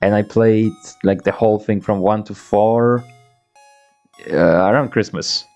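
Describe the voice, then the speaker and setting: Playing on a laptop in a home room, a twenty-something man gives casual gameplay commentary and reads the dialogue aloud himself. He rambles, restarts mid-sentence, swears, and laughs often, speaking at a measured pace in a lowish, slightly mellow voice over lo-fi sound with faint music behind.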